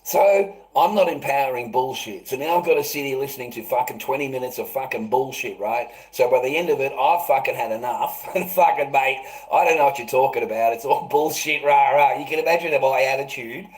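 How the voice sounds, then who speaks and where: A man ranting bitterly to his livestream viewers, swearing constantly, laughing scornfully and swinging between loud outbursts and low mutters. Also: fairly quick, few pauses, rough recording. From Australia.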